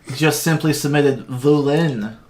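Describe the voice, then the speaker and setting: Man voicing a loud, high-pitched arena announcer for a tabletop game, hypes the crowd, showman. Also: unhurried, a little hiss or hum, close to an everyday voice. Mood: showy. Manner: booming, hyping the crowd.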